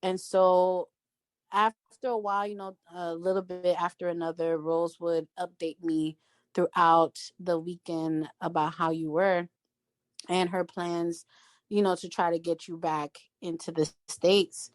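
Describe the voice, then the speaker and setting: Female podcast guest: lower pitch, dry and close, emphatic storyteller. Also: a little slow, no room sound. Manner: animated, emphatic storyteller acting out quotes. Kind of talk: casual storytelling chat.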